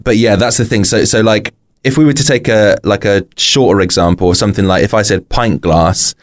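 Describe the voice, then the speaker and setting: A man's voice: lowish voice, steady tone, a little fast. A British man chatting casually on a podcast as a guest, explaining things in rambling sentences full of fillers. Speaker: podcast guest, rapper and author.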